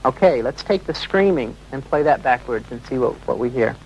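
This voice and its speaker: A man's voice: mid-range voice, animated, moderate pace, a little mellow, a little hiss or hum, low-quality recording. A man working as a radio DJ, explaining on air and talking listeners through audio clips.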